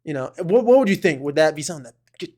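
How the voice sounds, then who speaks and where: Male podcast co-host, slightly high pitch, rambling chat with bursts of mock rant. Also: animated, quick pace, a little mellow. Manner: rambling with fillers and restarts, bursts of mock outrage. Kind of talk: casual chat.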